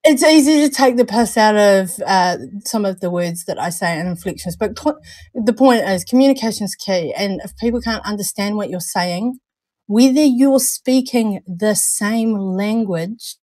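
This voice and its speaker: A woman's voice: medium pitch, animated, normal speed, darkish tone, no echo. A young woman co-hosting a casual livestream chat, talkative, stumbling over and repeating words and laughing at herself. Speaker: podcast co-host.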